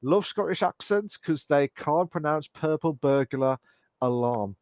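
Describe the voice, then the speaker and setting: A man's voice: on the high side, lively intonation, a little slow, a little mellow, no room sound, clean studio sound. A man co-hosting a casual podcast, teasing and playful, often saying to be fair. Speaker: co-host.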